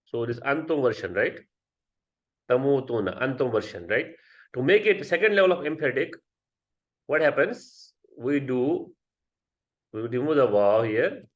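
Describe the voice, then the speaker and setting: A man's voice: mid-range voice, sing-song, normal speed, long pauses. A man teaching a grammar class, explaining step by step and often checking with students. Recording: dull lo-fi sound.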